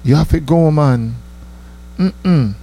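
A man, telling stories in a casual, animated monologue that he breaks with laughs. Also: slow. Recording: low mains hum.

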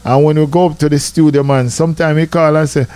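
A middle-aged man with a Jamaican accent, telling stories in a lively, chatty way as a radio host. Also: on the high side, quick pace, no echo. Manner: lively, chatty, full of asides like "I tell you, man". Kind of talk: casual storytelling on radio.

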